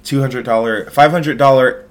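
A man's voice: medium pitch, fairly even intonation, normal speed. A young American man hosting a casual podcast chat, rambling and joking with many "like"s. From United States. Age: young adult. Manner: rambling, joking, heavy use of "like". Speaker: podcast host.

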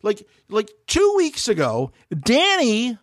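A man co-hosting a casual reality TV recap podcast, animated and profane, acting out the show's people in quoted voices. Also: extremely high pitch, slow pace, dry recording, clean studio sound. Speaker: podcast co-host.

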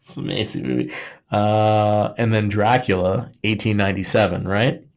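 This co-host has a voice on the low side and talks at a moderate pace. In a casual podcast chat about history he rambles and jokes, filling gaps with "like" and restarting frequently.

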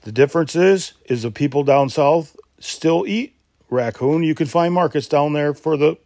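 A man's voice: a little high, normal speed, a little mellow, dry recording, clean studio sound. A man hosting a casual podcast, rambling with many restarts and asides. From Michigan. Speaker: podcast host. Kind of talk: casual solo podcast talk.

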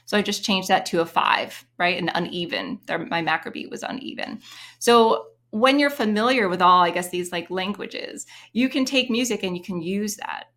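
Female guest, piano teacher, animated and explanatory, sings examples. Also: medium pitch, normal speed. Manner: animated, sings rhythm syllables to demonstrate. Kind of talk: interview explanation with sung examples.

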